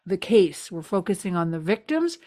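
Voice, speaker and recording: A woman's voice: fairly low pitch, normal speed, dry recording, studio quality. A woman co-hosting a podcast, chatting casually and animatedly as she recaps a TV episode. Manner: chatty, animated retelling with playful voices. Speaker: podcast co-host.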